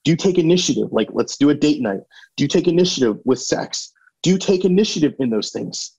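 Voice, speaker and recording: A man's voice: fairly high pitch, animated, fast talker, gravelly, darkish tone, breathy edge, lo-fi sound. A man hosting a motivational podcast, talking directly and emphatically and firing questions at the listener. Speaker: podcast host, marriage coach.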